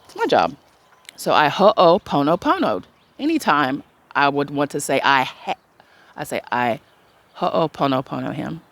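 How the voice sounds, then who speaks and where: A woman talks to her viewers in a casual spiritual pep talk. She is blunt and emphatic and swears freely. She acts out the voices she quotes, then slows down for soft, drawn-out blessings. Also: sits low, sing-song. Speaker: spiritual self-love vlogger.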